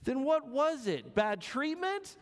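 A prying, incredulous man, as a preacher acts him out, firing off questions one after another in a pitched-up voice. The voice rings out under the long reverb of a church hall. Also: sing-song, slow pace, exaggerated voice. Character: curious man pressing a dog with questions.

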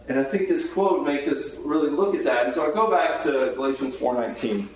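A man's voice: mid-range voice, expressive, brisk, hardly any pauses, a little mellow. A man, a chaplain, teaching a Bible class in an earnest, conversational way and putting questions to the group. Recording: very echoey room, faint background hiss.

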